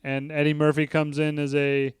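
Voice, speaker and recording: A man's voice: on the high side, moderate pace, clean tone, dry recording, studio quality. A man co-hosting a podcast, chatting loosely and animatedly about a movie. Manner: loose, animated, swears casually. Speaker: podcast co-host. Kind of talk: casual movie review chat.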